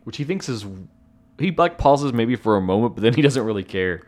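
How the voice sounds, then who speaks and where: A man co-hosting a podcast, chiming in with quick agreements and asides during a film recap. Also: mid-range voice, animated, a little mellow. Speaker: podcast co-host. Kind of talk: casual film recap chat.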